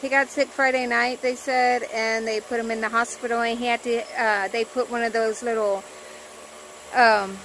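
A woman's voice: a little high, level tone, moderate pace, a bit bright, slight background noise, rough recording. A young woman, rambling through a casual vlog from her car with lots of fillers. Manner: rambling storytelling with many fillers. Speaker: vlogger. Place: in her car before work.

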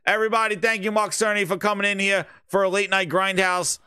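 A man hosting a live gaming reaction stream, loud, excitable and profane. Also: high-pitched, fairly quick, background noise. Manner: loud, excitable, profane, laughs at his own jokes. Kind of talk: casual live reaction commentary.

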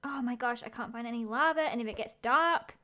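Her high, bright voice moves fairly quickly while she streams a game live and narrates her every move with excitement. She keeps thinking out loud, reacting to twists the moment they arrive.

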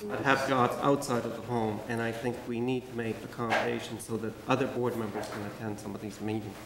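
Gravelly man in an echoey room. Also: mid-range voice, flat delivery, very noisy. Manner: firm, measured objection. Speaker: school board member. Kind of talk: public meeting discussion.

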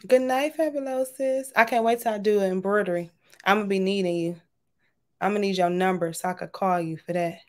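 A woman's voice: medium pitch, a little fast. A woman, casually chatting and signing off from a livestream, talking affectionately to her viewers. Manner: warm, chatty, says y'all often. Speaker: livestream host. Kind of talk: casual livestream sign-off chat.

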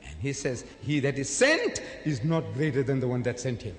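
A man making a dramatic debate speech to an audience, acting out the quotations he cites in a loud voice. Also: medium pitch, huge pitch swings, normal speed. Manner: dramatic, acts out quotations loudly. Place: large hall before an audience. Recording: echoey hall recording.

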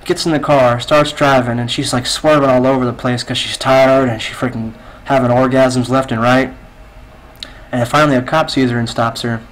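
A man's voice: mid-range voice, steady tone, normal speed, low-quality recording. A man telling a long dirty joke in game voice chat, rambling with lots of fillers, on a headset mic. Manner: rambling, filler-heavy storytelling. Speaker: game player.

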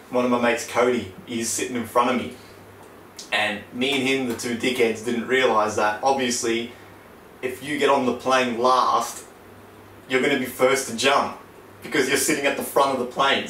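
A young man chatting on a podcast, cursing freely and throwing himself into his stories. He sits far from a poor mic, so his voice comes through distant and roomy, with faint hiss underneath. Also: normal speed. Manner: swears a lot, animated storyteller. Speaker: podcast co-host. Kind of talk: casual chat. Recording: roomy, distant low-quality backup mic.

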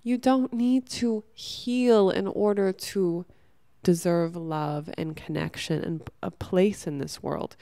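Earnest young woman with a gravelly voice. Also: on the low side, dark tone, no room sound, studio quality. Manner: earnest, swears casually. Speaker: host. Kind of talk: casual motivational talk.

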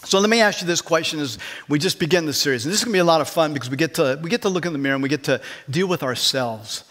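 A man's voice: a little high, rapid-fire, fairly bright tone. A man, a pastor, preaching a conversational sermon and putting questions to his congregation in church.

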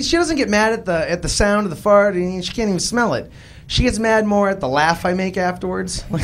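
A young man with a Boston accent doing a live stand-up comedy set, telling self-deprecating stories and acting out the voices in them. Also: high voice. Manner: self-deprecating, animated storytelling with voiced quotes. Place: live club stage.

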